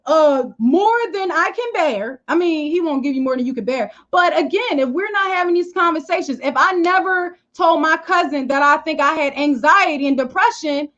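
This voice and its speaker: High-voiced animated woman livestreaming. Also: moderate pace, hardly any pauses, muffled recording. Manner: animated, emphatic, repeats "okay?" and "you know". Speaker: livestream host. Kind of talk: casual live-stream talk. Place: living room at home.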